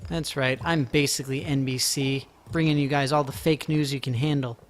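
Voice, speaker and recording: A man streaming a farming game, chatting casually and playfully, teasing his viewers and breaking into excited outbursts. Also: medium pitch, moderate pace, a little hiss or hum. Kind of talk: casual live-stream chat. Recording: faint music behind.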